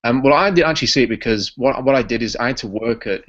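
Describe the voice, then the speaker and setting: A man from Yorkshire with a Yorkshire English accent, a podcast guest chatting casually in a relaxed, rambling way with lots of ums. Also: mid-range voice, quick pace, dull audio. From Yorkshire, England.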